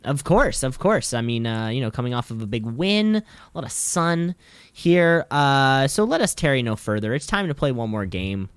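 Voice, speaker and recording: A man's voice: medium pitch, lively intonation, normal speed, clear, resonant tone, no room sound. A man co-hosting a casual comedy podcast, teasing his co-host in mock-serious banter.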